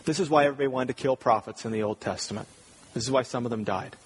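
A man's voice: mid-range voice, racing. A man preaching a sermon as pastor, earnest and emphatic, repeating key phrases for weight. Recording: husky voice with long hall reverb.

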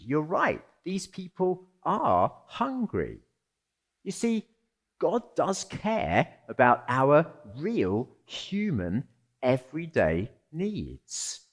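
A man preaching a sermon as pastor, conversational and animated, with rhetorical questions to the congregation. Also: fairly high pitch.

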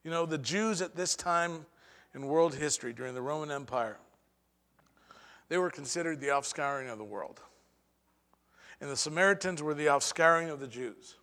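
A man preaching a sermon as pastor, with dramatic pauses and sudden swings between soft and loud delivery. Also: fairly high pitch, long reverb tail.

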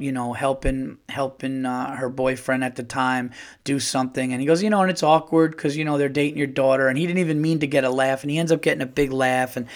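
A middle-aged man telling a story in casual chat as a podcast host, animated and swearing, often repeating and restarting his words. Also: a little high.

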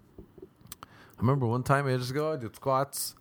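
A man's voice: mid-range voice, steady tone, unhurried. A man hosting a solo podcast, rambling and swearing cheerfully and mocking himself, with bursts of nonsense sing-song. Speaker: podcast host. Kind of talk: casual solo podcast monologue.

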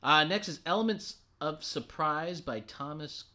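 A man co-hosting a podcast, reading event listings in an animated, chatty way and correcting himself as he goes. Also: fairly high pitch. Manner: animated, quick to laugh, self-correcting. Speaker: podcast co-host. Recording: dull lo-fi sound.

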